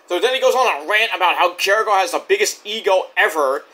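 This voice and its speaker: A man's voice: high-pitched, brisk, hardly any pauses, pushed and bright. A man casually recapping a wrestling show, rambling and swearing as he retells each segment. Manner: loose, profane play-by-play retelling; rambling with frequent restarts.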